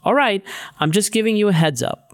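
A man voicing Jesus as a gentle, patient teacher in relaxed, modern phrasing. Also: high-pitched, a little fast, no room sound, studio quality, voice pushed up. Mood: earnest.

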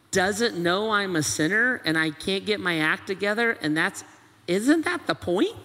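A man's voice: sits high, bright, forceful tone. A man preaching a sermon as pastor, pressing his point with repeated rhetorical questions. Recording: long reverb of a large hall.

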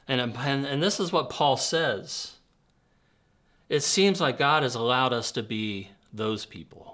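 Bright-voiced man preaching a sermon. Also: medium pitch. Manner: earnest, with light humor and vivid storytelling. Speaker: pastor.

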